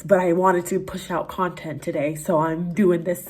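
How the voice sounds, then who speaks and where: A young woman from Canada, a vlogger telling a candid, animated story to her camera. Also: on the low side, normal speed, hardly any pauses, husky. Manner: candid, animated storytelling with swearing and quoted voices. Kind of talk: casual story time.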